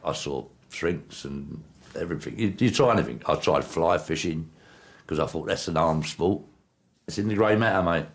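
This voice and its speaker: A man's voice: deep voice, lively intonation, moderate pace, husky. A man recalling his darts career in a blunt, plain-spoken interview. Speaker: interviewee, former darts player. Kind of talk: casual reminiscing interview.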